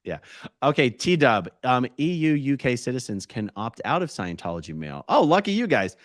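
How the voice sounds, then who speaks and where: A man co-hosting a casual live stream, reading viewer comments aloud and thinking out loud. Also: medium pitch, sing-song, normal speed, no echo, clean studio sound. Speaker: co-host reading chat questions.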